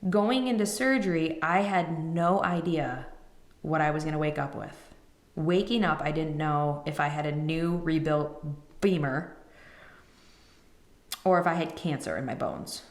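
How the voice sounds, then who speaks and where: A woman in her thirties hosts a podcast, her low voice moving at a measured pace in a roomy-sounding space. She retells a personal story with emotion, acting out and quoting the people involved.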